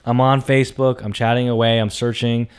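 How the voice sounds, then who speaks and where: A young man telling a personal story, animated, acting out quotes with loud outbursts. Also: mid-range voice, brisk, clean tone. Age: young adult. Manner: animated, acts out quotes with big loud jumps.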